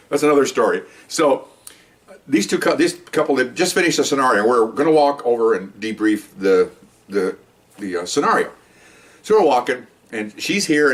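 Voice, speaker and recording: A middle-aged man, a police detective and supervisor, telling a casual story in a loose, rambling way, acting out scenes and peppering his talk with "okay?" and "you know.". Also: medium pitch. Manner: animated, acts out scenes with quoted voices. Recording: voice a bit distant from the mic.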